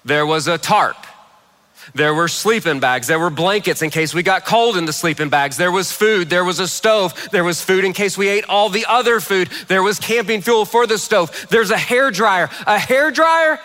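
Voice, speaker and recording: Man, pastor, humorous sermon, high voice, reverberant hall. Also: moderate pace, soft background music. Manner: humorous, animated storyteller. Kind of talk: sermon with storytelling.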